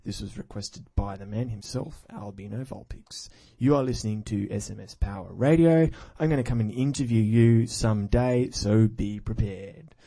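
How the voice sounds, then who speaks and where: A man's voice: on the low side, normal speed, vocal fry, warm tone, dry recording. A man hosting a music podcast in a rambling, goofy, casual way full of self-mocking asides. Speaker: podcast host. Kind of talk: casual chat between music.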